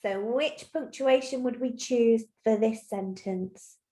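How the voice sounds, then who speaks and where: A woman teacher giving a recorded lesson to young children, explaining clearly and patiently step by step. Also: on the high side, slow, mellow. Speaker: primary school teacher. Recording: roomy echo.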